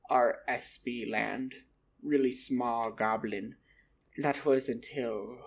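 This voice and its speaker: A man's voice: mid-range voice, a little mellow, husky. A man voicing a fretful old male goblin blacksmith who is dramatic and flustered, stammering through an improvised comic story. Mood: storytelling.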